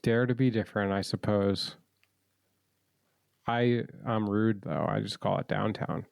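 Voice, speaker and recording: A man's voice: on the low side, fairly even intonation, unhurried, vocal fry, no room sound. A man co-hosting a podcast, chatting casually with playful, goofy, teasing humor. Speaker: podcast co-host. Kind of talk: casual chat.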